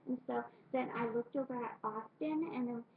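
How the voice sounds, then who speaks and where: A high-pitched young woman tells a story to her webcam, stumbling through restarts and piling on "like" at every turn. The sound is thin and tinny, as if through a phone line, and bounces around a roomy space. A faint hiss sits under her voice. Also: moderate pace, creaky, a crowd in the background. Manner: rambling with constant "like" fillers and restarts. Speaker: vlogger. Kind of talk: rambling storytelling. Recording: thin phone-like webcam audio in an echoey room.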